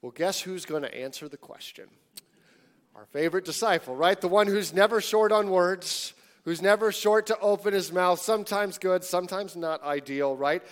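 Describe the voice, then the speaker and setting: A man preaching a sermon in a conversational, animated way, sometimes dropping to hushed tones. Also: sits high, normal speed. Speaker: pastor.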